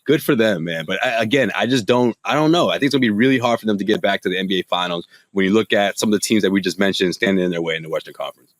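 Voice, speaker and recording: Male podcast host, mid pitch, dry close sound, loose chatty delivery. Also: racing, dry recording. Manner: hesitant, conversational, many restarts. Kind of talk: casual sports chat.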